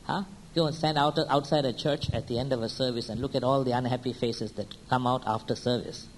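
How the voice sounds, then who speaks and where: A male preacher at a medium pitch, pressing his congregation with question after question and checking in with a quick "hmm?" or "huh?". He drops into slow, quiet stretches, then jumps up in pitch and volume. A faint hiss of noise sits under his voice. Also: steady tone, poor audio. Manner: swings between quiet, slow lines and loud, high-pitched bursts. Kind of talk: sermon.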